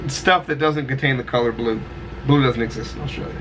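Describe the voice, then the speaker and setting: A man's voice: mid-range voice, brisk, background noise. A man hosting a video reaction, joking and teasing his co-host as he talks over the clip. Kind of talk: casual chat.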